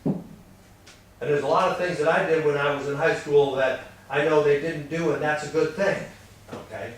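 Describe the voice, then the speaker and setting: An older man in his sixties leads a relationship seminar, his voice a touch high for a man. He talks folksy and plain and tells stories from his own life. He sounds far from the mic, in a big echoing room. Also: fairly even intonation, normal speed. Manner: folksy storytelling, acts out quoted exchanges. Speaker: marriage seminar speaker. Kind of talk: teaching talk to an audience. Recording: distant mic in an echoey room.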